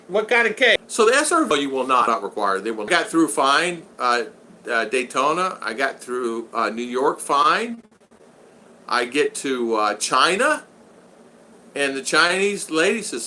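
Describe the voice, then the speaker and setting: Slight background noise sits under a man's fairly high, bright, forceful voice. He hosts a casual livestream, reading viewer comments aloud and rambling through joking stories, often laughing and doing voices for quoted lines.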